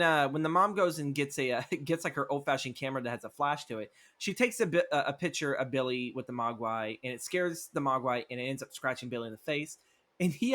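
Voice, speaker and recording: A male podcast co-host in loose, profane chat, his voice sitting at an ordinary middle pitch. He rambles through a story and keeps slipping into quick acted-out lines for the people in it. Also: a bit bright. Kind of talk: casual movie-script recap chat.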